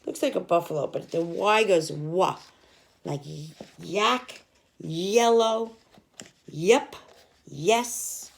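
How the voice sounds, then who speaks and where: A woman's voice: fairly low pitch, vocal fry. A young woman teaching children, reading an alphabet picture book aloud and sounding out each letter. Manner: slow, sounding out letters, lively sing-song.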